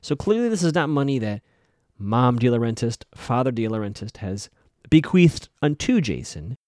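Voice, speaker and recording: Man, podcast host, lively up-and-down delivery, rambling recap, dry close mic. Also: medium pitch, normal speed, dry recording. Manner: chatty, rambling, self-correcting. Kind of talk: casual recap commentary.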